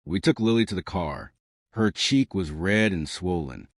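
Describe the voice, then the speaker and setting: A man's voice: low voice, lively intonation, a little slow, dry recording, clean studio sound. A man reading a first-person family drama story aloud, voicing the dialogue of every character in much the same plain voice. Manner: reads all characters' dialogue in a mostly plain voice. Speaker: narrator.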